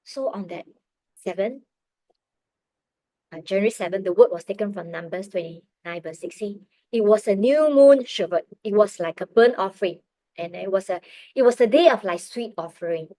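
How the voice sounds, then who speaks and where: A middle-aged woman tells a personal faith story with earnest, heartfelt emotion. Her pitch sits in an ordinary middle range, and she often sinks to a hushed, near-whispered tone. The sound is dry and close, with no room echo. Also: normal speed. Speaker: parent sharing testimony.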